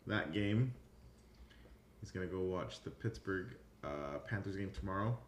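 Deep voiced podcast host guy, steady and measured, echoey room w faint hum. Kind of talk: casual podcast chat.

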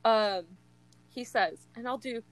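Young woman, unhurried but excitable book-chat co-host, laughs a lot, leans on "like". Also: a little high, dry recording, poor audio. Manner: gushing, laughs often, many "like" fillers. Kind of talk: casual chat.

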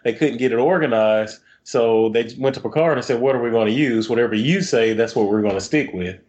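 A man's voice: medium pitch, fairly quick, darkish tone, muffled recording. A man co-hosting a podcast, telling stories in a rambling, chatty way. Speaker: podcast co-host. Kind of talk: casual podcast chat.

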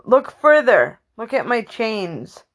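A woman's voice: a little high, sing-song, slow, voice pushed up, heavily acted. A woman voicing a grave male mentor ghost who warns in a solemn tone. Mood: solemn warning.

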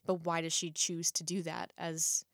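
A woman with a somewhat low voice talks over a film in an easy, reflective way with a friend, using lots of casual fillers. The recording is dry and close. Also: level tone, moderate pace, creaky, no room sound. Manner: conversational, reflective, with frequent fillers.

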